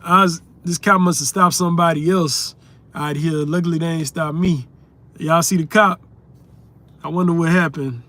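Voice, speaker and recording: A man's voice: on the high side, steady tone, moderate pace, pushed and bright. A young man from the United States hosting a casual livestream, reading out viewer comments in a laid-back, chatty way. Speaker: livestream host, content creator.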